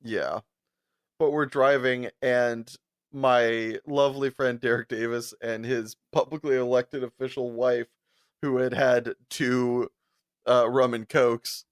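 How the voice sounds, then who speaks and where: A podcast co-host speaks slowly with a clean tone in an echo-free, studio-quality recording. Telling stories in casual chat, he's animated, laughs often, and pitches his voice up to act out people he quotes.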